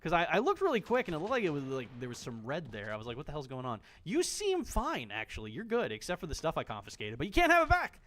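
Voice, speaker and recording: A man's voice: mid-range voice, sing-song, very fast, few pauses, fairly bright tone, slight background noise. A man streaming a game, chatting casually, joking, swearing freely and talking straight to the characters on screen. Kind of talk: casual gameplay commentary.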